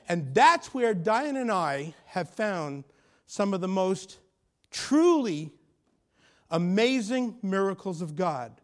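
A middle-aged man preaching a sermon, telling a personal story and rising to loud, emphatic peaks. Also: high-pitched, lively intonation, takes it slowly. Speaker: pastor.

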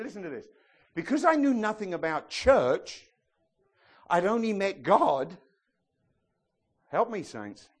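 Animated man preaching. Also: high-pitched. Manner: animated storytelling, bursts into excited shouted impressions. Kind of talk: sermon.

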